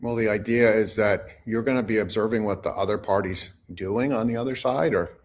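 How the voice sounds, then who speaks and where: A man, a negotiation expert guest, explaining techniques in a measured, instructive way during an interview. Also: lowish voice, steady tone. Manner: measured, instructive, teaches in short points.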